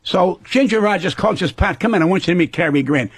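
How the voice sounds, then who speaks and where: Brash old guy in his 70s swearing thru stories, husky, dead dry radio studio. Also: high-pitched, expressive, brisk, no room sound. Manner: brash, profane storytelling. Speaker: comedian guest. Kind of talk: radio talk show banter.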